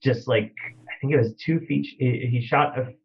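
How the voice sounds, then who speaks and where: A man's voice: mid-range voice, fairly even intonation, normal speed, creaky, far from the mic. Brief: male film director guest, enthusiastic, set back from the mic, dull muffled sound. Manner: enthusiastic, laughs easily. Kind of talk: casual chat.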